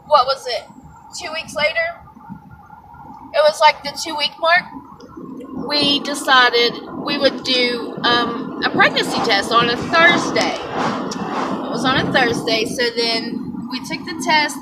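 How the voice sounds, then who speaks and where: A young woman with a Southern US accent tells a personal story in a chatty, excitable way, her voice sitting high. She sits back from the microphone, and a steady background noise runs under her words. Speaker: vlogger. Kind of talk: casual chat to camera. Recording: distant mic with background noise.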